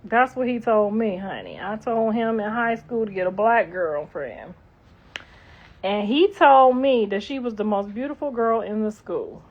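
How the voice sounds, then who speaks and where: A middle-aged woman hosts a livestream, chatting casually and reading comments in a blunt, profane, sassy manner. Her mid-range voice is animated and unhurried, and the audio is dull, lo-fi livestream sound.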